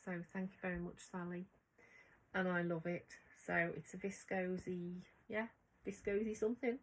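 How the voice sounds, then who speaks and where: A woman's voice: on the low side, flat delivery, normal speed, rough recording. A middle-aged woman chatting casually to camera about her sewing, bubbly and rambling. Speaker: sewing vlogger.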